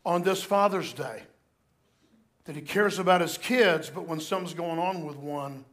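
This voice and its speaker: A man's voice: a little high, a bit bright. A male pastor preaching a sermon in an earnest, emphatic way. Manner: earnest, emphatic scripture reading.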